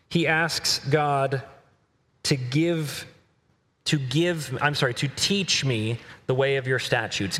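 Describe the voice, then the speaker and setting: A middle-aged male preacher giving a sermon, earnestly reading scripture aloud with slow emphasis. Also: on the high side, fairly bright tone, in a large hall.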